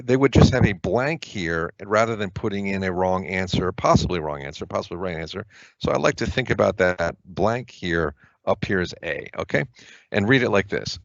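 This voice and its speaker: An SAT prep tutor teaches an online test-prep lesson, casually explaining grammar and frequently checking in with the listener. His voice is low with vocal fry, captured as dry, dull lo-fi webinar audio.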